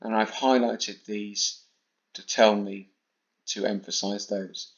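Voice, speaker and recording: A man teaching a primary school lesson from home with an English accent, talking slowly and carefully with deliberate pauses. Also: fairly low pitch, flat delivery. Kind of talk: recorded home-learning lesson. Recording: slightly dull lo-fi recording.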